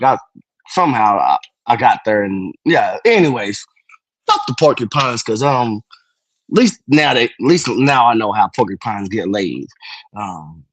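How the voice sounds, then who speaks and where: Guy rambling on his stream, crude jokey teasing, super lively pitch. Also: dry recording. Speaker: livestream host. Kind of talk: rambling casual chat.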